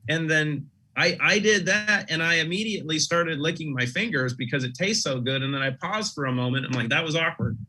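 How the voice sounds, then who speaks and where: A man's voice: fairly high pitch, brisk, few pauses, bright, forceful tone, husky, low-quality recording. A man presenting on a video call, talking through ideas in a rhetorical way and often adding "right?". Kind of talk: casual business talk.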